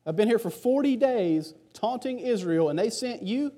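A man's voice: sits high, animated, normal speed, warm tone, pitched above the performer's own voice. A man voicing a scornful giant warrior who sneers and taunts in a sermon retelling. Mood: mocking.

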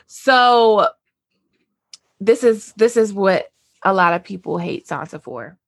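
A woman's voice: medium pitch, animated, slow pace, long pauses, no echo. Chatty young woman podcaster. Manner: chatty, profane, many "like"s. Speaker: podcast co-host. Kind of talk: casual book discussion.

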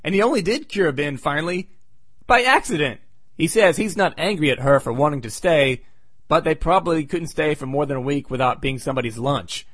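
Man, podcast host, casual comic recap, sarcastic asides, slightly high pitch, dry close sound. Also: expressive, fairly quick, a bit bright, breathy edge, no room sound.

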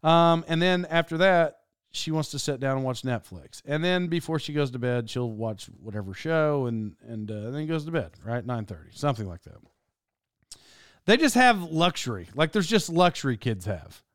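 A man in his thirties telling rambling, animated stories in a casual monologue as a podcast host. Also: fairly high pitch, moderate pace, clear, resonant tone, dry recording, clean studio sound. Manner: rambling, animated storytelling with laughs.

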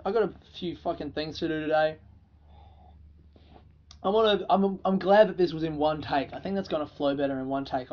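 An Australian man hosts a solo podcast and tells stories in a loose, profane, casual way, laughing as he goes. His voice sits a little high. The sound is slightly dull and lo-fi. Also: a little mellow. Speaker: podcast host.

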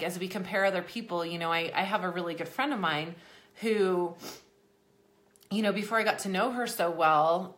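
A woman's voice: lowish voice, fairly bright tone. A young woman, slightly out of breath, talking in a chatty, rambling way with many asides as host of a motivational talk. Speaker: host of an exercise program for people with MS.

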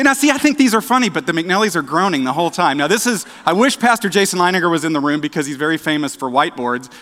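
A man preaching a casual sermon, chatty and self-deprecating, with halting restarts and dad jokes. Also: a little high, bright, forceful tone. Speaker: director of outreach, preaching. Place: church sanctuary. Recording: echoey church hall.

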